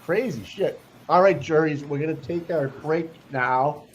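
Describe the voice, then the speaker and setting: Man, casual live commentary, slightly high voice, excited chatter. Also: slight background noise. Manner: excited, chatty, quick agreeing interjections. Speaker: livestream co-host commenting on a trial.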